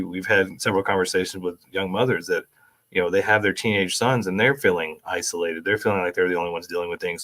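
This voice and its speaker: A man's voice: low-pitched, fairly bright tone. A middle-aged man co-hosting a casual talk show, prompting the guest with questions and light jokes. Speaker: podcast co-host. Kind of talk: casual chat.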